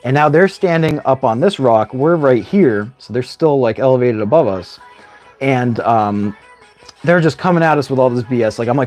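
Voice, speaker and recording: A man's voice: medium pitch, expressive, normal speed, darkish tone, faint music behind. Rambling male livestream host telling a story. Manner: rambling, tags lines with "right?". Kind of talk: casual storytelling.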